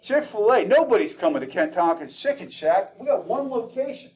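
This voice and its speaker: A man with a high voice lectures a classroom, firing questions at his students and keeping things lively. He sounds set back from the mic, picked up from across the room. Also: a little fast, recorded from a distance. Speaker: teacher.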